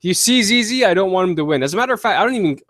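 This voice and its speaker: A man hosting a casual podcast, answering listener questions with blunt, profane and animated opinions. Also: sits high, racing, no room sound, studio quality. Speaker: podcast host. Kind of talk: casual wrestling podcast chat.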